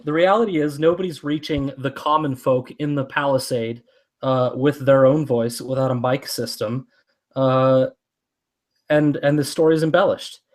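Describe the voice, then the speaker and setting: A man, a podcast guest, talking through a fantasy book discussion in a measured, careful way. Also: medium pitch, steady tone.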